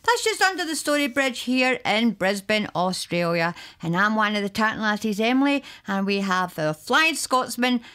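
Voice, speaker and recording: Lively chatty woman radio presenter. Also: mid-range voice, normal speed, hardly any pauses. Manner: chatty, laughing easily. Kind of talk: community radio chat.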